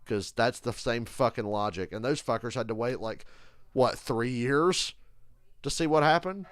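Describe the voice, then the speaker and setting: A man chatting casually on a live stream, telling stories in an animated, profane rant. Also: mid-range voice, normal speed, smooth, no room sound. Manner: animated, profane, ranting storyteller. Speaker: streamer reacting live to a football game.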